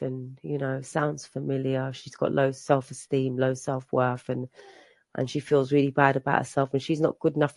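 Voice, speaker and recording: A woman's voice: a bass voice, creaky, a little mellow, no room sound. Emotional woman sharing her recovery story. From England. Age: adult. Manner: emotional, repetitive storytelling with many restarts. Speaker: recovery meeting speaker. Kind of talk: personal recovery share. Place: meeting room.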